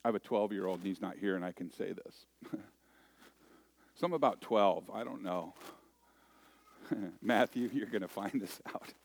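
A man's voice: fairly low pitch, moderate pace, gravelly, long pauses, slight background noise. A man in his forties preaching a conversational sermon, joking and self-deprecating as he tells stories. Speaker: pastor.

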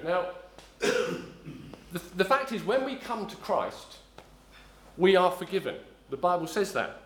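Preaching slowly in a high-sitting voice with big pitch swings, a middle-aged south-east Londoner rambles through a personal story in his sermon. He corrects himself, restarts and says um often. The room sound is spacious.

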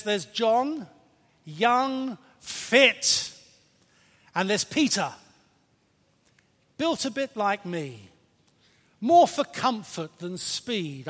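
A man preaching a sermon in a church, lively and playful, with emphatic points and questions to the congregation. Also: very high-pitched. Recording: reverberant church hall.

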